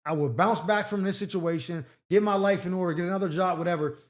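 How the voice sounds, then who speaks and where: Man, advice host, blunt, slangy, animated, high-pitched, echoey room. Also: fast. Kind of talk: casual advice commentary on listener letters.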